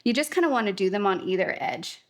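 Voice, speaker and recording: Animated and fast, a young adult woman with a medium-pitched voice teaches a relaxed watercolor tutorial. Her style is chatty, upbeat, and reassuring, sprinkled with fillers such as "kinda."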